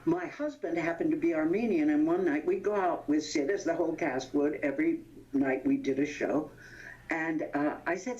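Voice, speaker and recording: An older woman in her eighties with a low voice reminisces as an interview guest. She tells stories animatedly, laughs often and pauses to hunt for names. The sound is dull and lo-fi. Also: lively intonation, a little mellow. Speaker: interview guest, veteran actress. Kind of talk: anecdotal reminiscing.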